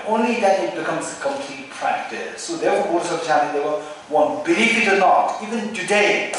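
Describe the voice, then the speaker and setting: A man's voice: sits high, fairly bright tone. Male Buddhist teacher, Tibetan accent, keeps asking rhetorical questions, heard from a distance in a very echoey hall with faint hiss. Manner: repetitive, rhetorical questions with "right?". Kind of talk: Dharma teaching.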